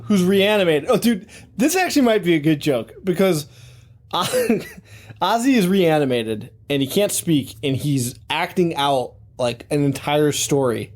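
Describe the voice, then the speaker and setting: A man with a somewhat high voice co-hosts a horror movie podcast. He jumps in with excited, casual remarks, laughing and cursing as he talks. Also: a little slow. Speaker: podcast co-host. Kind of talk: casual movie recap chat.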